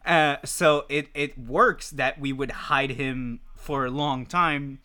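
A man's voice: medium pitch, fairly even intonation, takes it slowly, pushed and bright, smooth. A man co-hosting a podcast, talking casually and animatedly, full of fillers and swearing. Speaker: podcast co-host. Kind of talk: casual chat. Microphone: podcast mic.

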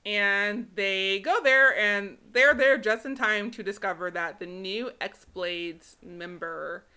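A woman's voice: medium pitch, slow pace, clear, resonant tone. A woman co-hosting a podcast, casually recapping a movie with lots of laughter and acted-out quotes. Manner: animated storytelling, acts out characters' lines, laughs often. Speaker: podcast co-host.

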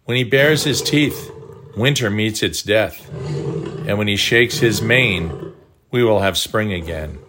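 A man narrating a scripted devotional audiobook in a measured, earnest way. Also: lowish voice, background noise.

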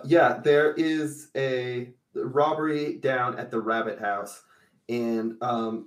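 Male game master, mid-pitched voice, roomy echo, a little off-mic, chatty with lots of fillers. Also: recorded from a distance. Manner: chatty, many fillers, upbeat. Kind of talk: narrating a tabletop superhero game.

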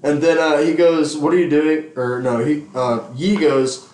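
A man's voice: on the high side, steady tone, moderate pace, a little mellow. A man co-hosting a podcast in casual chat, reading out text messages between bursts of laughter and frequent swearing. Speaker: podcast co-host. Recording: echoey room.

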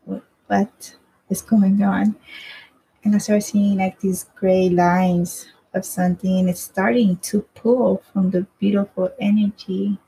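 A woman's voice: mid-range voice, little pitch movement, measured pace, creaky, dark tone, breathy edge, rough recording. A woman casually telling a personal story in a rambling way, swearing freely and often asking "right?".

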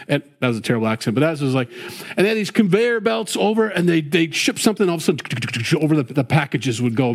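Pastor guy, middle-aged, chatty folksy sermon, lots of "you know". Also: mid-range voice. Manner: folksy, conversational, frequent "you know" and "boy".

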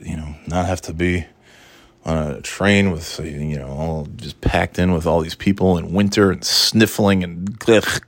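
A man's voice: low voice, no echo, clean studio sound. A man telling a long casual story, swearing freely and rambling with many asides. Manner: profane, rambling, exasperated.

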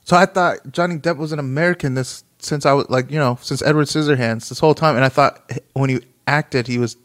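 A man's voice: mid-range voice, fairly even intonation, quick pace, a bit bright. A man in his thirties chatting casually and rambling, swearing often and breaking into laughter.

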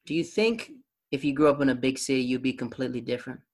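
A man's voice: medium pitch, fast talker. A man hosting a podcast, chatting casually and asking teasing questions. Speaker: podcast host. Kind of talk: casual interview chat.

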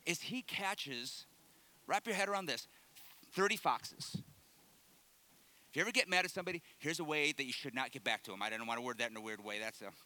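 A man preaching a sermon, retelling a story in an animated, humorous way with dramatic pauses. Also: high voice.

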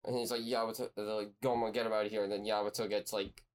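A man's voice: lowish voice, little pitch movement, racing. A man co-hosting a laid-back podcast, cutting in with scene details. He often acts out what the characters say. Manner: jumps in to add details, acts out lines. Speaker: podcast co-host. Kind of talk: casual chat.

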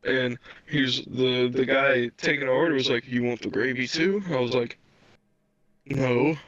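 A man's voice: medium pitch, steady tone, a little slow, fairly bright tone, dry recording. A man co-hosting a podcast, retelling a story in casual chat, laughing often and swearing. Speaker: podcast co-host. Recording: dull lo-fi sound.

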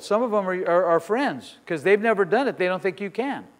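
A middle-aged man pastor preaching a sermon with personal stories, swinging between soft asides and loud emphatic declarations. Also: high voice, animated, brisk, big-room sound.

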